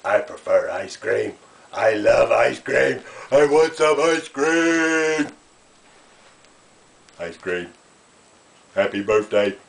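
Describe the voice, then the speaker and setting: A man voicing a cheerful male puppet who talks slowly and keeps repeating himself. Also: medium pitch, animated, vocal fry. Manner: slow, cheerful, repetitive.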